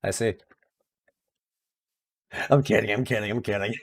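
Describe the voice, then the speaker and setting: A man's voice: lowish voice, steady tone, moderate pace, breathy edge. A man streaming a game, chatting casually in a rambling, self-mocking way with playful voice bits. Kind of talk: casual chat while playing a game.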